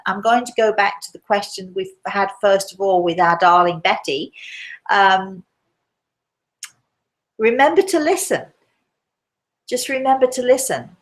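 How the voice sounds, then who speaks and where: A woman hosting a live show as a medium, gently reassuring listeners and calling them darling. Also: on the low side, vocal fry.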